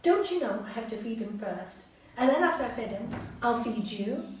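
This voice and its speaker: A woman voicing a kind, patient village wife who speaks calmly and firmly, in an echoey hall far from the mic. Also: a little high, normal speed, a little hiss or hum, natural voice.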